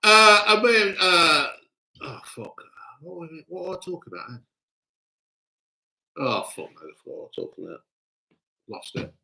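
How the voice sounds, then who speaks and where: A man's voice: high voice, sing-song, moderate pace, pauses often, pushed and bright, rough recording. A man hosting a live stream, reading out chat in blunt, crude casual talk. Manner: blunt, gruff, cheerfully crude. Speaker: livestream host reading chat.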